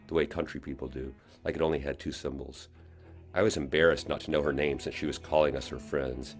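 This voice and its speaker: A man, the author, reading his own novel aloud in expressive audiobook narration. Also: very deep voice, quick pace, slightly rough, faint music behind. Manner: expressive storytelling.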